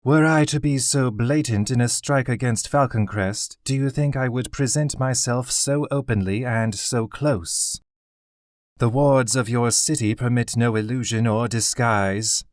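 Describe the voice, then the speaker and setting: A man reading an audiobook, voicing a proud, haughty female owl-folk queen with formal, measured speech. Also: mid-range voice, no echo, studio quality, pitched above the performer's own voice, close to an everyday voice.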